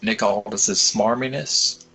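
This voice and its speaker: A man's voice: fairly low pitch, slow pace, slight background noise, low-quality recording. A young man co-hosting a podcast, rambling and swearing freely as he retells things. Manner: rambling, swears freely, quotes others in animated bits. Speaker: podcast co-host. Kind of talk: casual chat.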